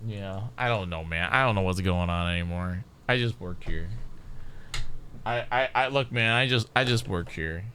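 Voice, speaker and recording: A man's voice: sits low, moderate pace, sharp tone, a little hiss or hum. A man chatting casually on a live game stream, rambling and restarting his sentences over and over. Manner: rambling, stacks repeated restarts.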